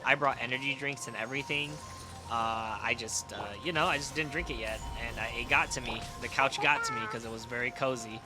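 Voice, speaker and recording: A tired young man streaming a game, telling a story in a casual, animated way and swearing freely. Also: medium pitch, brisk, loud music behind the voice. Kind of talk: casual gaming stream chat.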